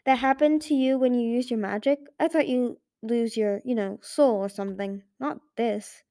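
A woman's voice: fairly high pitch, moderate pace, mellow, close to an everyday voice. Woman doing a flustered young dragon girl. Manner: flustered, stumbling, eager. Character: nervous, chatty young female dragon. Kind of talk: audiobook character voice.

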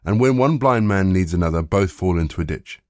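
Calm male teacher, lowish and measured, read plainly by a man; close, dry sound. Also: no room sound. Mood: steady.

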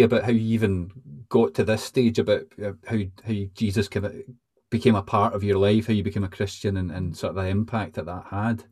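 Low-voiced easygoing male interviewer. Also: darkish tone, no echo, clean studio sound. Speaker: interview host. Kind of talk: conversational interview questions.

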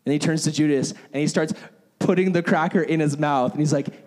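A man preaching a sermon as a pastor, telling a story in an animated way and acting out its characters. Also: on the high side, quick pace.

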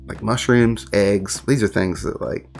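A man's voice: on the low side, a little slow, vocal fry, darkish tone, soft background music. A man with a Southern US accent telling rambling stories in casual chat, swearing now and then. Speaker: guest, wine shop owner.

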